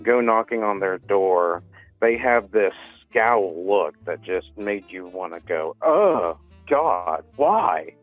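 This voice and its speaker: A man's voice: deep voice, slow, no echo, faint music behind. A man calling in to a show, telling a story in a hesitant, rambling way full of fillers. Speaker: caller. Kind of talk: phone-in storytelling. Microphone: phone. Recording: tinny phone line.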